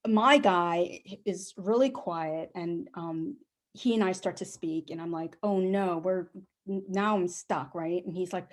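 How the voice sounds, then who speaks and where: A middle-aged woman telling a personal story on a live stage, animated and acting out the people she quotes. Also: a little slow. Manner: animated, acts out quoted voices with big pitch jumps.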